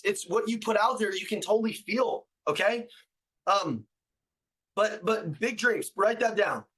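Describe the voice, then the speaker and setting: A man with a fairly high voice delivers a motivational talk to salespeople. He hammers his points with repetition, slang and casual swearing, often climbing into loud, driving shouts. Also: rough recording. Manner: emphatic, repetitive, slangy and profane. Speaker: sales trainer and motivational speaker. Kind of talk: motivational speech.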